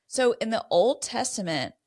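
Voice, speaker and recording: A middle-aged woman, co-hosting a podcast, mixing casual chat with Bible teaching in an animated storytelling way. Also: fairly high pitch, normal speed. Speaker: podcast co-host.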